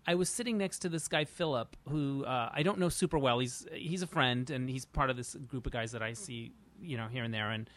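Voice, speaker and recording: A man co-hosting a casual chat, talking in a relaxed, wry, chatty way. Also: medium pitch, fairly quick, few pauses.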